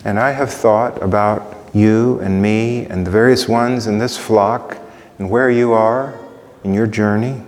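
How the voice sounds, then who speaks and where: A pastor preaching a sermon through a string of rhetorical questions. He swings from ringing emphasis down to hushed softness. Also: fairly low pitch, fairly even intonation, measured pace. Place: church sanctuary. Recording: long reverb of a church hall.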